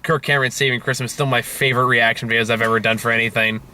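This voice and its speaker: A man's voice: medium pitch, steady tone, racing, pushed and bright, no room sound. A young man hosting a casual movie review chat, laughing often and swearing casually, with plenty of fillers and restarts.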